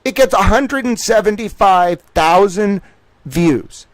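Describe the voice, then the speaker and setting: A man, telling a rambling story on his stream. His voice sits high and swings up and down a lot as he swears freely and acts out each quoted line. The sound is dry and close, with no room around it. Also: animated, slow, no echo, rough recording. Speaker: streamer host. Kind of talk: profane casual storytelling monologue.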